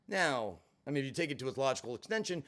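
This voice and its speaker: A man's voice: mid-range voice, very animated, quick pace, a bit bright. A middle-aged man telling a personal story to camera, candid and emphatic, swearing freely. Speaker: vlogger in recovery. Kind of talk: storytelling monologue.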